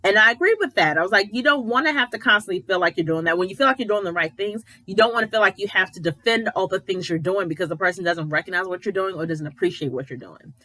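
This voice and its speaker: A woman's voice: mid-range voice, fast, few pauses, bright, forceful tone, dry recording, poor audio. A woman giving a casual, opinionated recap of a reality show, retelling scenes and quoting people as she goes. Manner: chatty, opinionated, retells scenes with quoted voices. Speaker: editor.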